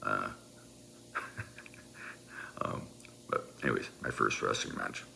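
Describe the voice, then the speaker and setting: A man telling a personal story in a rambling, halting, self-deprecating way. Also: extremely low pitch, creaky, bright, forceful tone, a little hiss or hum.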